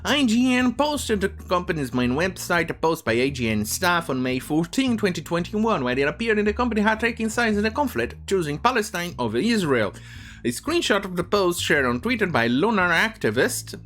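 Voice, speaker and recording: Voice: medium pitch, big pitch swings, a little fast, a bit bright, faint music behind. A commentator delivering an opinionated news rant, full of asides and restarts. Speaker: online commentator.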